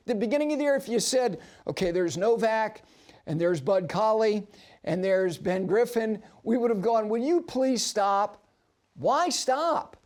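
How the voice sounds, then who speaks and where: A man hosting a golf talk show on television, telling stories and making emphatic points in a broadcast studio. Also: high-pitched. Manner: animated storyteller with emphatic asides. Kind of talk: broadcast sports commentary.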